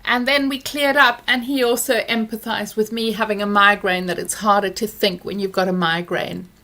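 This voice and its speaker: A middle-aged woman vlogger speaks candidly to camera, reflecting on parenting. Her voice jumps high when she replays heated exchanges. Recorded indoors on a close camera mic. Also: normal speed. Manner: candid, reflective, recounts dialogue with lively pitch swings. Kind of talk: casual chat to camera.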